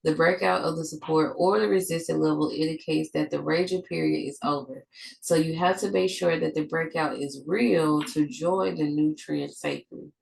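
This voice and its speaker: Trading teacher, a woman with a cold-stuffed nose; low and gravelly, reads from notes with restarts. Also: fairly even intonation, moderate pace, a little mellow, low-quality recording. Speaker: trading educator. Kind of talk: reading a trading lesson aloud.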